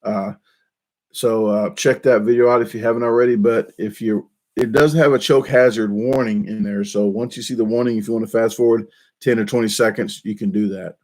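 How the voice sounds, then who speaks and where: A man's voice: lowish voice, fairly even intonation, brisk, a little mellow. Rambling self-deprecating male vlogger. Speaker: YouTube channel host. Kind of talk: casual rambling chat. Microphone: desk microphone.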